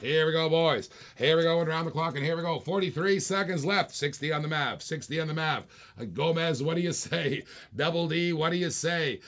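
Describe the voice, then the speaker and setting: A man's voice: a little high, a little fast, fairly bright tone. A man hosting a live online auction, calling bids in playful, repetitive patter with jokes. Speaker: auctioneer and host.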